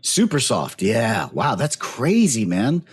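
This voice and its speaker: A man's voice: mid-range voice, wildly swooping pitch, slow, husky. A man co-hosting a casual mountain bike podcast, rambling with lots of "like" and "you know". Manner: rambling, heavy use of fillers like "you know" and "like". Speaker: podcast co-host. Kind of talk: casual chat.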